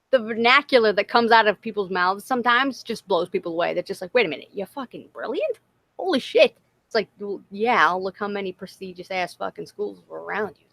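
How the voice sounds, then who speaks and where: Woman livestream co-host, profane, animated chatter, average pitch. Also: gravelly. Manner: profane, animated, laughing often. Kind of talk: casual livestream chat.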